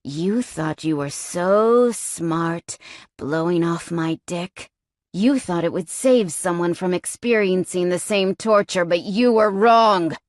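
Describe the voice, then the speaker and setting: A woman voicing a sadistic, taunting male captor in an audiobook, speaking in low, slow, menacing tones. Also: dry recording, clean studio sound.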